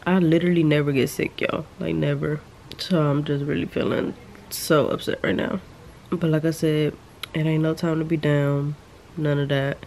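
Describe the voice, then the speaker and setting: Lying down at home with a sore throat, a young woman records a casual vlog update, rambling candidly to her viewers. Her voice is low and darkish, with a little hiss or hum in the audio.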